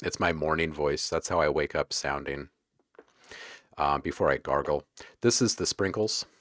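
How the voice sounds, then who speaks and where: A man hosting a casual livestream, chatting with viewers in a relaxed, joking way while browsing sound packs. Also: very deep voice, normal speed, no echo, studio quality. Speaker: livestream host.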